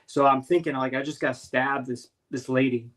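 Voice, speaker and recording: A man earnestly recounting a strange encounter in casual talk, halting and restarting as he searches for words. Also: medium pitch, steady tone, fairly bright tone, low-quality recording. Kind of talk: casual spoken storytelling.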